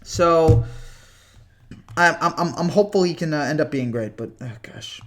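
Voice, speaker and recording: Excitable young man with cracking voice. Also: a little high, normal speed. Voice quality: voice cracks often. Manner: rambling, excitable, repeats himself. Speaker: live stream host. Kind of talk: casual live reaction stream.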